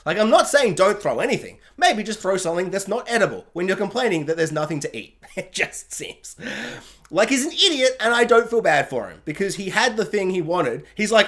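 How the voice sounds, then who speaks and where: A man hosting a TV review, chatting casually in a sarcastic, jokey way with animated asides. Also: sits high, a little fast. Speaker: TV review host. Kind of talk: casual spoilery review rant.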